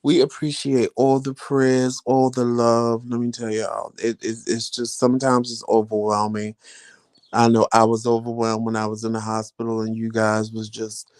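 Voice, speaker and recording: A man's voice: mid-range voice, monotone, moderate pace, darkish tone, clear, resonant tone, no echo. A man chatting casually to his viewers, telling a story and acting out the voices of the people he quotes. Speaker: vlogger.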